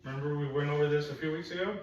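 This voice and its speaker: A man teaching phonics one on one, patient and encouraging, slowly repeating sounds for a young learner in a classroom. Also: a little high, steady tone, a little mellow, dull audio, slight background noise. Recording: echoey room, mic at a distance.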